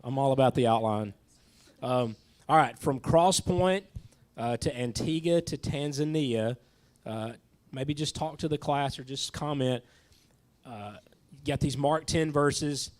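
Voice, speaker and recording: A man's voice: mid-range voice, measured pace. A man who teaches a church Bible class, leading the discussion in a casual, friendly way with stumbling restarts.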